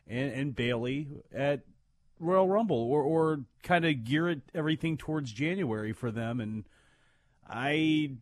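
A man's voice: mid-range voice, no echo, studio quality. A man co-hosting a casual wrestling talk show, rambling with many "you know"s and restarts. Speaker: podcast co-host.

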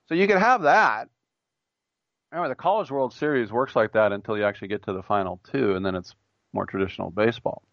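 A man's voice: on the low side, quick pace, fairly bright tone, no room sound, highs cut off. A man hosting a sports talk radio show, reading a listener's idea aloud and then giving his blunt, joking opinions on it. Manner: jokey, mimics imagined voices.

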